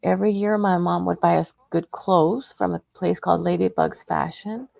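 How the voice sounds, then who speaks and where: A woman's voice: on the low side, steady tone, normal speed, creaky, a little mellow, no room sound, clean studio sound. A middle-aged woman from Texas telling a personal story in a rambling, emotional way, often restarting her sentences. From Texas, United States. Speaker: radio show host sharing a personal story.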